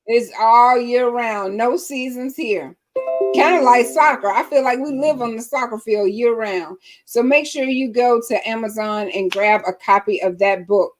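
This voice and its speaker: Woman, live-stream host, higher voice, laughing, casual chat. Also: unhurried, soft background music. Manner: lively, laughing, preacher-like cadence.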